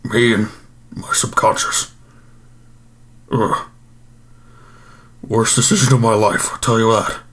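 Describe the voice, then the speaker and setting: A man's voice: fairly low pitch, steady tone, slow, pauses often, fairly bright tone. A man playing an overstuffed, self-pitying male supervillain in an improvised comedy monologue, groaning and rambling about his regrets.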